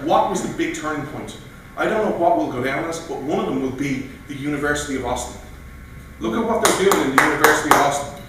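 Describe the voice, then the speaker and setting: Man, speech at a meeting, animated storyteller, slightly high voice, distant mic with faint background noise. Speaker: guest speaker. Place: meeting room. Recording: echoey room from far off.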